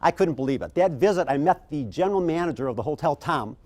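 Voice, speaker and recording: A middle-aged man giving a conference keynote, telling stories and acting out the people in them. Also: quick pace. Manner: animated, acts out quoted people with big pitch jumps. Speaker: keynote speaker.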